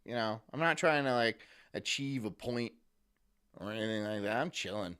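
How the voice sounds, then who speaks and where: A man's voice: fairly low pitch, moderate pace, a bit bright, clear, resonant tone. A man casually chatting on a live stream, reading out viewer messages and teasing them. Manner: laid-back, teasing, reads out chat messages.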